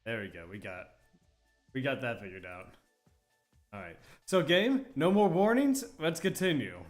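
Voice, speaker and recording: A man's voice: mid-range voice, animated, normal speed, soft background music. A man with an American accent, chatting casually and laughing often while streaming a game. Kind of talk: casual let's-play chat.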